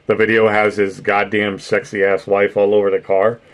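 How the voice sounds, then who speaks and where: Brief: middle-aged male streamer, low-set voice, loose rambling chat with laughs and casual swearing. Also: completely flat delivery, normal speed. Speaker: streamer host reading chat.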